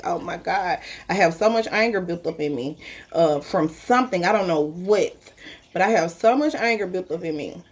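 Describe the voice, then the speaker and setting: A woman sharing a personal story in a casual, emotional way, laughing often and speaking directly to her listeners. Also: lowish voice.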